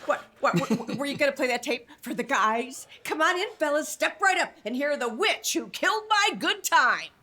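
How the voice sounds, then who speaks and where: An actress reading the part of an exasperated wife in a sitcom table read, scolding with sarcastic retorts over a video call. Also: female voice, high-pitched, animated, normal speed, few pauses, pushed and bright. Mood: indignant. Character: exasperated wife fed up with her husband. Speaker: actor in a reunion table read.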